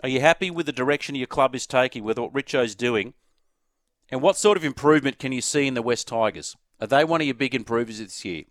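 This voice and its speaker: An Australian man hosting sports talk radio, chatting quickly and inviting listeners to send in texts. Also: mid-range voice, no room sound, studio quality. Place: radio studio. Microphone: studio microphone.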